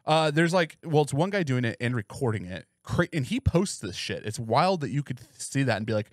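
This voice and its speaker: A man co-hosting a podcast, telling a story in a casual, profane, animated way. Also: mid-range voice, fairly quick, no room sound, studio quality. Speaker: podcast co-host. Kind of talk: casual chat.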